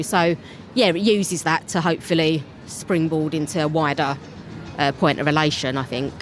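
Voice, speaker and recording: A woman's voice: low voice, fairly even intonation, normal speed, slight background noise. A tired young woman with a Cockney accent, chatting as a guest in an interview in a giggly, scatterbrained way. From England. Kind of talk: casual interview.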